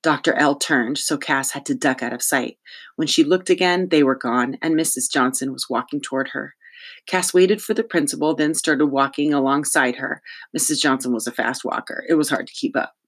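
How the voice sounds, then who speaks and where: An audiobook narrator reading a children's novel in an even, storytelling manner. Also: mid-range voice, moderate pace, husky. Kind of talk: scripted narration.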